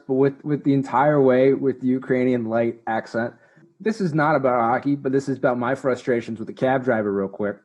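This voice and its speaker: Young male podcast co-host, husky mid-pitched voice, stammers through his stories. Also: darkish tone. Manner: halting, stammering storyteller. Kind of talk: casual chat.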